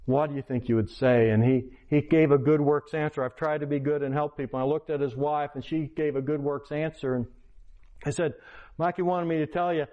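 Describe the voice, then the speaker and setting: A man, a pastor, preaching a sermon by retelling a personal story with quoted dialogue. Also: brisk. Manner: animated retelling with quoted dialogue, pitch rising in excitement. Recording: lo-fi, dull sound.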